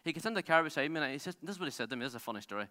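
A man preaching a sermon as pastor, telling stories in an animated way with many restarts. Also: a little high, racing. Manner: animated storytelling, self-interrupting with restarts and laughs. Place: large theatre used as a church. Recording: long hall reverb.

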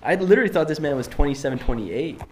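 A man's voice: fairly high pitch, animated, fast, a little mellow, slight background noise. A young man in his twenties from Kentucky with a Southern twang, co-hosting a podcast in casual, joking chat full of filler words. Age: 20s. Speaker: podcast co-host.

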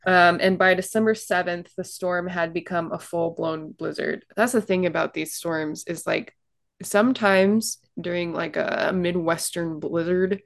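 A woman's voice: lowish voice, fairly even intonation, a little slow. A woman co-hosting a casual podcast, chatty, recounting history with fillers and asides. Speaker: podcast co-host telling a shipwreck story.

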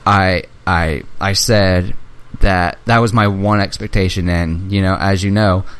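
Excitable young man geeking out, swearing. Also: low voice, a little slow, clear, resonant tone. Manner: excitable fan, swears freely, acts out movie lines. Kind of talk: casual chat.

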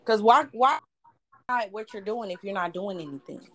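A woman in casual chat with a friend, frank and expressive. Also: mid-range voice, moderate pace.

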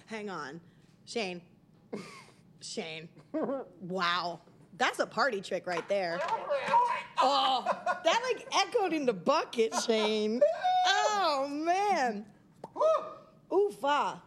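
A young woman co-hosting a casual podcast chat, loud and teasing, laughing and swearing. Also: a little high, very animated, drawn-out words, pauses often, noisy background. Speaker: podcast co-host.

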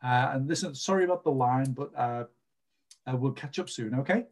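A man's voice: medium pitch, normal speed. A man hosting a podcast, giving a casual card reading in a rambling, chatty way. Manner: chatty, rambling, full of fillers. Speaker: podcast host and card reader. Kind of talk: casual psychic reading chat.

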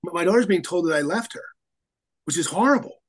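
A man's voice: high-pitched, lively intonation, a little fast, low-quality recording. A male attorney talking as a guest in an interview, telling his story in an earnest, rambling way. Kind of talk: conversational interview.

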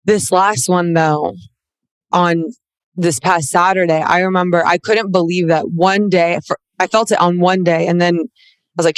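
A woman's voice: on the low side, steady tone, normal speed, smooth, no room sound. A woman speaking candidly in a casual chat, rambling with frequent restarts and close to tears. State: near tears.

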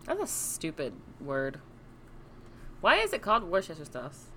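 A woman with a lowish voice that swings widely in pitch co-hosts a podcast in casual chat. She is dry and blunt and swears without hesitation. Faint noise hums behind her. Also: wildly swooping pitch, measured pace, a bit bright. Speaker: podcast co-host.

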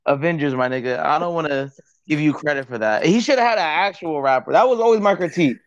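A man's voice: a little high, fast talker. A man co-hosting a podcast, speaking bluntly, with strong opinions and a lot of slang. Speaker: podcast co-host. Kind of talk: casual debate chat. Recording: slightly dull lo-fi mic.

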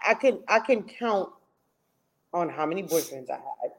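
A woman's voice: on the low side, expressive, moderate pace. A young woman co-hosting a podcast, telling stories in a rambling, hesitant way. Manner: rambling, hesitant, heavy with "like" and "um" fillers. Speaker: podcast co-host. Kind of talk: casual chat.

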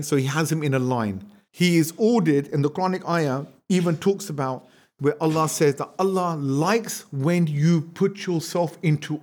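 A man teaching an Islamic history lesson as an animated storyteller, acting out quotes and throwing rhetorical questions at his listeners. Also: fairly high pitch. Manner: asks the audience rhetorical questions. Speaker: religious teacher.

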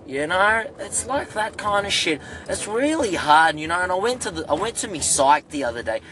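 Over soft background music, an Australian-accented man performs an exaggerated comedic monologue as a rambling young Filipino Australian, pitching his voice high above his own. It's very animated, bright and forceful at normal speed, crammed with fillers and restarts.

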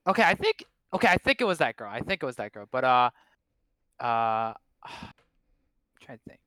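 A man's voice: medium pitch, very animated, normal speed, bright, forceful tone, dry recording. A young man chatting casually about his past relationships, joking and rambling with many fillers and restarts. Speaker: guest.

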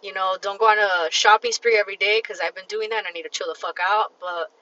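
A woman hosts a casual solo podcast, tired but blunt and emphatic, swearing freely as she talks straight to the listener. Her voice is bright and forceful. The recording sounds dull and lo-fi. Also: mid-range voice, steady tone, fast talker. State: tired and fatigued. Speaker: podcast host.

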